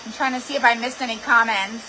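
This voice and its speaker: This woman runs a craft livestream, talking fast in a fairly high voice and telling stories with animated drama and plenty of "like." Her computer or camera mic produces a low-quality recording with a slight hiss or hum.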